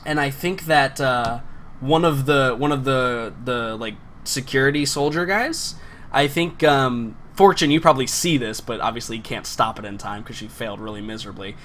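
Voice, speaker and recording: A man's voice: mid-range voice, normal speed, a bit bright, a little hiss or hum. Man running a tabletop game. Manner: hesitant, full of fillers and restarts. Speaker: game master.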